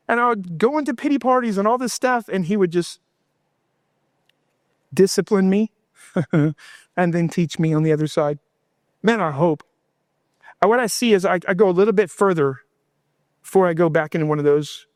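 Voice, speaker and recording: A middle-aged male pastor preaching a sermon with fervor, slowing down for emphasis and acting out prayers and quotes. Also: sits high, dry recording, clean studio sound. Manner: impassioned preaching, voicing God and himself in quotes.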